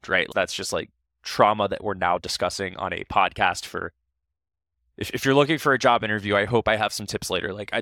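Young man, low voice, halting animated storyteller, dry close sound. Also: dry recording. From Ohio. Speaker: podcast guest. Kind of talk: casual storytelling interview.

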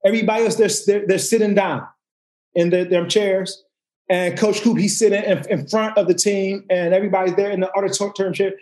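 Brisk and high-voiced, this man, once a football player, chats casually through his stories. He gets animated, performs other people's quotes, and keeps restarting sentences while swearing plenty.

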